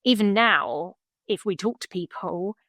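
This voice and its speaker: A woman's voice: mid-range voice, unhurried, bright, forceful tone, no room sound, clean studio sound. A woman speaking as a podcast guest in a frank, blunt, matter-of-fact way. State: widowed, remarried. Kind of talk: frank conversational podcast talk.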